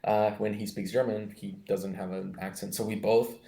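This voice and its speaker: A man's voice: on the low side, little pitch movement, moderate pace, gravelly, mellow, echoey room, poor audio. A young man from Mexico with an American accent, chatting casually as host, rambling with many fillers and restarts. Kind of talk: casual chat.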